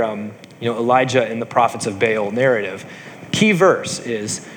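A man's voice: medium pitch, fairly bright tone. Man teaching scripture in a reverberant space. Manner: casual retelling with frequent "like" and "um", clears throat often. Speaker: Bible teacher. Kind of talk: Bible study teaching, reading scripture and then retelling it. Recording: long reverb, faint background noise.

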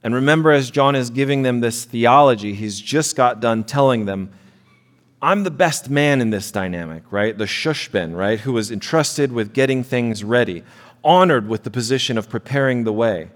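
A man preaching a sermon in a conversational way, often checking in with his listeners with a quick "right?". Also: mid-range voice, expressive, long reverb tail. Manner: conversational preaching, frequent "right?" tag questions. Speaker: pastor.

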